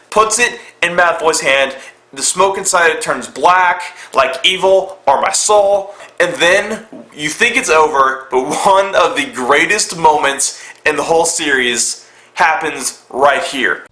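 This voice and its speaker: A young man casually reviewing a film, excitable and profane, retelling scenes with mock voices. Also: sits high, moderate pace, roomy sound. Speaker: movie reviewer.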